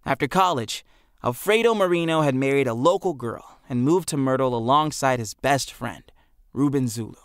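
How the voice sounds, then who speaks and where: A man reading an audiobook aloud as narrator, with expressive storytelling. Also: mid-range voice, moderate pace, smooth, no echo, clean studio sound. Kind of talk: scripted narration.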